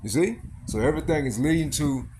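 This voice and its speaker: A man's voice: a little high, fast talker, dark tone, a little hiss or hum. A man giving an informal scripture teaching in a loose, rambling way, full of fillers and asides like "man" and "all right?".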